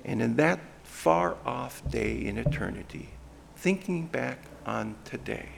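A man preaching a sermon as pastor, swinging from hushed, soft phrases to loud, emphatic ones. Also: medium pitch, lively intonation, measured pace, creaky.

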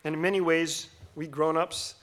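Bright, animated middle-aged male pastor. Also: a little high, moderate pace. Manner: animated, swings between loud bursts and hushed whispers; leads the congregation in call-and-response. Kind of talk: sermon.

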